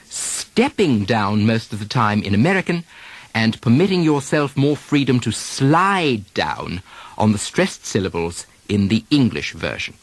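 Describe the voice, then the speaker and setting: A man teaching accent drills on a taped lesson, modeling example sentences slowly and deliberately. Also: mid-range voice, no echo. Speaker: dialect coach.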